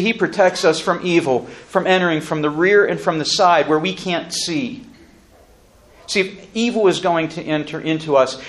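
A man giving an earnest, solemn spoken testimony, speaking deliberately with pauses and restarts. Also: fairly high pitch, fairly bright tone.

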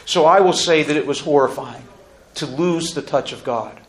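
A man giving an earnest, solemn spoken testimony, speaking deliberately with pauses and restarts. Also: fairly high pitch.

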